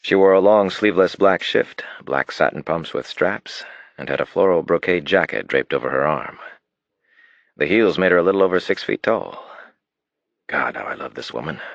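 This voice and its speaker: A man narrating an audiobook, with an expressive reading that turns hushed in tender moments. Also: very deep voice, creaky, no room sound. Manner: expressive reading, drops to a hushed tone in romantic passages. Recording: dull dry studio recording.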